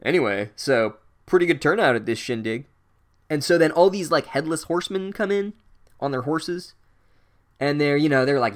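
A man giving a casual comedic book recap, sarcastic and full of swearing. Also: medium pitch. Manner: profane, sarcastic.

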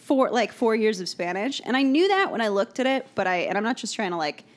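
A woman co-hosting a podcast tells stories in casual chat, rambling along with lots of fillers. Her voice is a little high and animated, she talks fast, and there's slight background noise.

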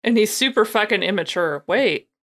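A woman's voice: mid-range voice, expressive, moderate pace, fairly bright tone. A woman co-hosting a podcast in casual chat. She makes blunt, dry remarks and swears casually. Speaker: podcast co-host.

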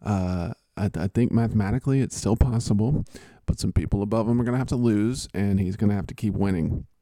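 A man's voice: fairly low pitch, a little fast, mellow, no echo. A man hosting a casual chat, joking and rambling with a teasing manner. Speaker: host.

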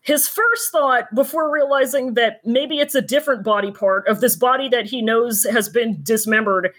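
Woman co-host, high pitch, wry, laughs easily, casual. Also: normal speed, fairly bright tone. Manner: wry, joking asides, laughs often. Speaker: podcast co-host. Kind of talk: casual chat recapping a novel.

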